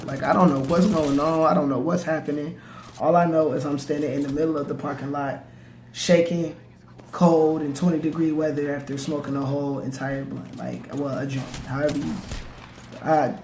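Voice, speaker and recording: A man's voice: a little high, slight background noise. Young man telling a wild story. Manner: laid-back slangy storytelling with stammered restarts. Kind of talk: casual storytelling. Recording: echoey room, faint ambience.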